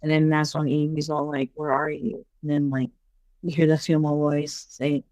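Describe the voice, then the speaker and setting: A woman guest on a podcast, casually telling paranormal stories in a chatty, animated way full of fillers. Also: deep voice, normal speed, no echo. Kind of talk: casual storytelling interview.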